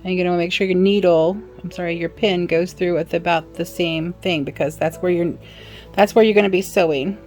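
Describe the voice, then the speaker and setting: Woman, low register, casual hands-on sewing tutor with chatty asides; light music underneath. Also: steady tone, a little fast, few pauses, a little mellow. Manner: chatty, apologetic asides, talks while working. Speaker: sewing instructor. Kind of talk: casual how-to demonstration.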